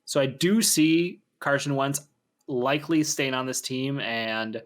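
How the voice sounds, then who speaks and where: Steady mid-pitched male sports co-host. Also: unhurried. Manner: steady, explaining opinions in long run-on sentences. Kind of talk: casual sports chat.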